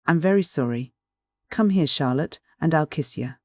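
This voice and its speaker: A man's voice: a little high, lively intonation, normal speed, dry recording. A lazy young lout speaks in a lolling, tipsy drawl and whines cowardly excuses, as a male narrator puts him on. He sounds self-pitying and sly. The storybook recording is dry. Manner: lolling, whiny, blubbering.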